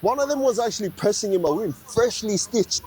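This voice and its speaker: A man calmly recounting a personal story in a matter-of-fact way. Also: brisk, a little hiss or hum. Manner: low-key, matter-of-fact telling. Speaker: storyteller in an interview clip.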